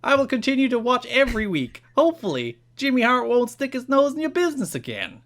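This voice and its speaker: Man putting on a New Jersey accent, brash male fan, high, loud, nasal. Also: wildly swooping pitch, fast, full character voice. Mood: gushing fan.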